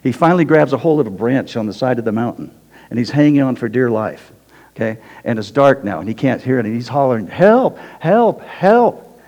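Speaking quickly, this male preacher leads his flock through a Bible passage in a chatty, easygoing sermon, often closing sentences with "okay?". The voice sits in the mid range, sounds dark and mellow, and echoes with a big hall's long reverb.

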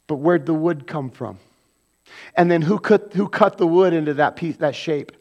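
A man preaching a sermon as pastor, animated, acting out quoted voices and swinging from loud bursts to hushed asides. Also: fairly high pitch, moderate pace.

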